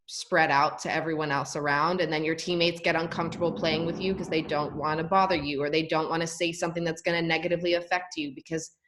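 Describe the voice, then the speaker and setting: A woman's voice: sits low, flat delivery, fast, hardly any pauses, noisy background. A young woman, a former college volleyball player, talking candidly as an interview guest with lots of "like" fillers. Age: young adult. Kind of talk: casual interview talk.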